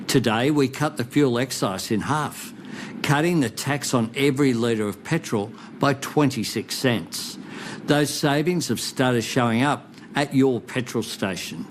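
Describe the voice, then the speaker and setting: A man's voice: medium pitch, slight background noise. Earnest Australian man giving a national address. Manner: measured, reassuring and earnest. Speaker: national leader. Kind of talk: formal televised address.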